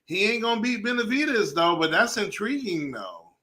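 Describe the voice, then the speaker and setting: A man co-hosting a podcast, talking boxing in excitable, animated casual chat. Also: sits high, moderate pace. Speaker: podcast co-host.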